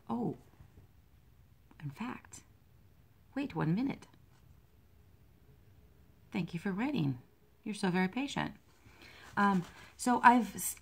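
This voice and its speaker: A woman with a low, gravelly voice talks in a loose, rambling way about her cross-stitch work. She is self-deprecating and easily distracted by her pets, and her tone stays casual throughout. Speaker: cross-stitch designer and vlogger. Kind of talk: casual chat while stitching.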